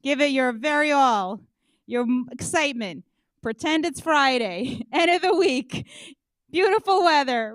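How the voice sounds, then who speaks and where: A woman warming up an auditorium audience, joking and leading rounds of applause with loud, energetic calls. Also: high-pitched, unhurried, dry recording. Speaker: audience warm-up comedian. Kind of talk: stand-up warm-up, leading applause.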